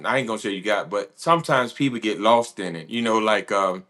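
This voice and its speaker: A man's voice: on the low side, brisk, bright, forceful tone. A man guest, chatting in a laid-back, conversational way. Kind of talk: casual chat.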